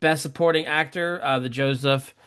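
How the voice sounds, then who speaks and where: Southern us guy hosting a movie podcast, slightly high voice, easygoing. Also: normal speed, clean tone. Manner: relaxed, reads facts, chuckles. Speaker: podcast co-host. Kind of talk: casual podcast chat.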